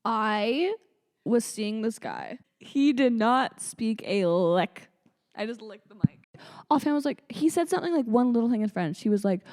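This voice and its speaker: Lively young woman, blunt and joking. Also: fairly high pitch, normal speed. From Canada. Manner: animated storytelling, blunt and joking. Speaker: podcast co-host. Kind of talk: casual chat.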